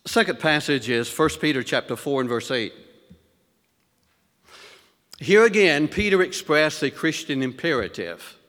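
Male preacher, unhurried sermon cadence, lifts his voice for scripture, echoing church hall. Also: fairly high pitch, expressive, a bit bright. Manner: slow, deliberate emphasis with rhetorical questions to the congregation; reads scripture in elevated, rising tones.

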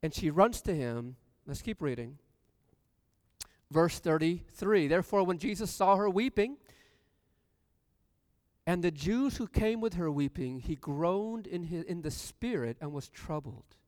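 A man with a high, smooth and clear voice preaches a sermon, reading scripture and asking the congregation questions. He swells into loud emphasis as he drives his points home. His voice rings out with a long reverb in a church hall. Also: lively intonation, measured pace, pauses often.

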